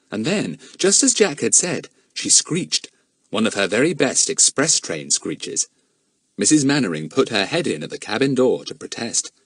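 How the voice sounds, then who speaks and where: A man narrating a children's adventure audiobook in an expressive storytelling manner. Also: fairly low pitch, breathy edge, no echo, clean studio sound. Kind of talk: scripted narration.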